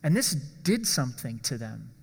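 A man preaching a sermon in an earnest way, slowing down to stress key words. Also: mid-range voice, big pitch swings, vocal fry, husky, long reverb tail. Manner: earnest, slows down for emphasis. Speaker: pastor.

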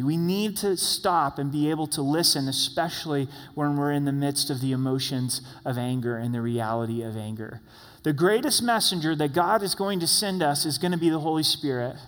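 Male pastor, upper-middle pitch, animated exhortation, long church reverb. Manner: animated, exhorting the congregation directly. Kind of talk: sermon. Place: church sanctuary.

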